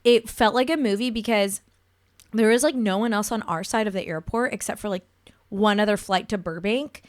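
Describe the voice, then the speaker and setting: A young adult woman hosting a podcast, telling a story in casual chat, animated and full of "like". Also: medium pitch, moderate pace. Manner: animated storyteller, heavy use of "like". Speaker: podcast host.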